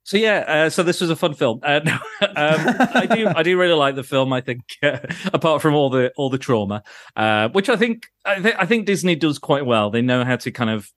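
A man's voice: on the high side, animated, fairly quick, fairly bright tone, no echo, studio quality. A man co-hosting a podcast in casual chat, rambling and self-deprecating, swearing and laughing often as he talks. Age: adult, grew up in the nineties. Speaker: podcast co-host.

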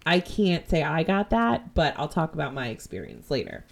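A woman's voice: deep voice, very animated, moderate pace, creaky. A woman co-hosting a podcast, chatting enthusiastically as she recounts a story. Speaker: podcast co-host. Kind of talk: casual podcast chat.

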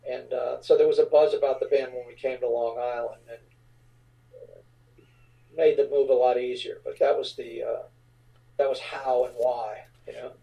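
A middle-aged man from the New Orleans area, a rock frontman telling stories in an interview, relaxed and rambling with many fillers. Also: medium pitch, normal speed, gravelly, pauses often, distant mic, highs cut off. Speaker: rock band frontman, guest. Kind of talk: casual interview storytelling.

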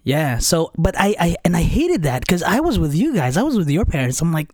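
A man's voice: fairly high pitch, sing-song, fairly quick, few pauses, dry recording, clean studio sound. A man from the Philippines, chatting casually and telling a childhood story with laughs. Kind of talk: casual conversation.

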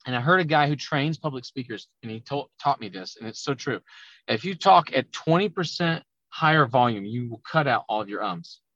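A man talking loudly and emphatically as a business coach in a conversational podcast interview. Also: medium pitch, a little fast, dry recording, dull audio. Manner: loud, emphatic, animated talker. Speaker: auto repair business coach.

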